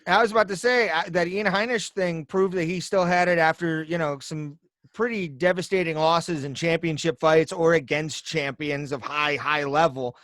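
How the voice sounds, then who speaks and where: A man with a slightly high voice co-hosting a casual podcast, recorded close and dry. He talks in a playful, joking way and breaks into goofy asides and hype lines. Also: fairly even intonation, normal speed, a bit bright, no room sound. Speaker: podcast co-host. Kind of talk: casual chat.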